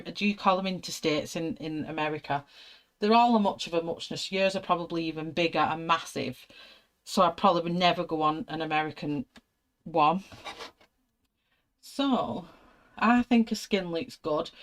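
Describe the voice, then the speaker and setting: A British woman chatting casually and telling lively anecdotes while she colours an illustration. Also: on the low side. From United Kingdom. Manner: chatty, animated anecdotes, acts out her own panicked voice. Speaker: art channel host.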